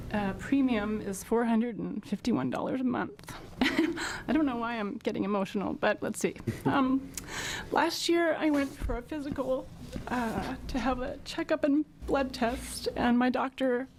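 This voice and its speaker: A woman's voice: a little high, a little hiss or hum. A woman, a small business owner, testifying at a legislative hearing, getting emotional as she speaks. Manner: emotional, voice breaking at times.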